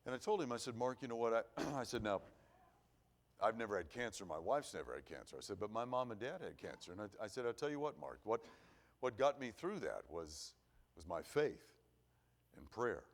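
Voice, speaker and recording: A man's voice: on the low side, very animated, fairly quick. A middle-aged man preaching at an evening church service, telling a personal story in a folksy, earnest way. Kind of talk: sermon. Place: church auditorium.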